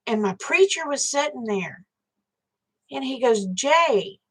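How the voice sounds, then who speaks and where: A woman's voice: high-pitched, animated, a little slow, breathy edge, low-quality recording. A woman, hosting a live stream and telling a story in a frank, chatty way, swearing casually and talking straight to her viewers.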